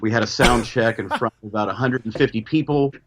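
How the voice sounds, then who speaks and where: A man calling in as a guest musician, talking in a relaxed, easygoing way with a lot of hedging. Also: mid-range voice, fast talker, background noise. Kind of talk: casual interview chat. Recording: dull phone-line call.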